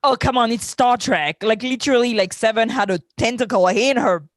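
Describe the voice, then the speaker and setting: A woman's voice: fairly high pitch, normal speed, dry recording. A woman co-hosting a podcast, reviewing a TV episode in casual chat, laughing often and filling her talk with "like". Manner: chatty, laughs often, says "like" a lot. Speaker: podcast co-host.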